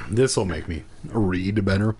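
A man's voice: sits low, heavy background noise. A man casually reading a kids' horror book aloud, breaking off for swearing, self-mocking asides while drinking. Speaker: amateur reader.

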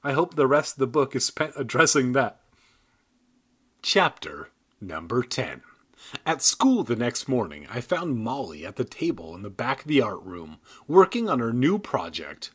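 A man's voice: medium pitch, very animated, a little slow, a bit bright, breathy edge. A man reading a children's book aloud and breaking off into crude, irreverent comic asides. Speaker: comedic reader. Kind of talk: comedic book reading with riffs. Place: San Diego.

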